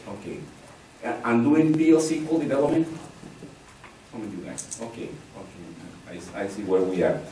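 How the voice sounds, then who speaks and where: A man's voice: on the low side, moderate pace, mellow. A man leading a live technical training session, talking conversationally, repeating key phrases and polling the audience. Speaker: instructor. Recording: very echoey room from far off, faint noise.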